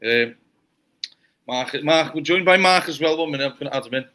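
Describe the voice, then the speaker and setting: A man's voice: a little high, a little fast, sharp tone. A man hosting a casual football fan show, chatty and sweary, steering the talk.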